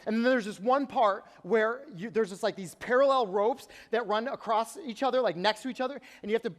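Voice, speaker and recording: A man's voice: sits high, a little fast. A young man preaching a youth sermon, telling a story animatedly and acting out what people said. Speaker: youth pastor. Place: large church auditorium. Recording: long reverb of a large hall.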